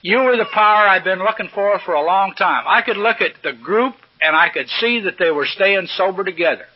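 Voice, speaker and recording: A man's voice: high-pitched, lively intonation, fairly quick. An older man speaking at a recovery meeting, telling stories in a folksy, salty, humorous way from a podium. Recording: dull lo-fi old recording.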